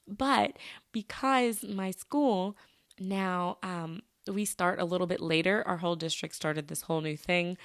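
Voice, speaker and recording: A woman's voice: on the low side, unhurried, no room sound, studio quality. A young adult woman hosting her own podcast, chatting casually in a bubbly, upbeat way with frequent laughs and happy exclamations. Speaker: podcast host. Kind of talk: casual solo podcast chat.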